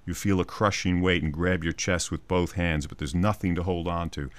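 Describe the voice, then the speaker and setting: A man's voice: low voice, fairly even intonation, normal speed, dry recording. A man, a psychologist hosting a short scripted segment, telling a vivid everyday scene and acting out small quoted voices along the way. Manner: vivid storytelling, acts out little quoted voices. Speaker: psychologist radio host. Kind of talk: scripted spoken commentary.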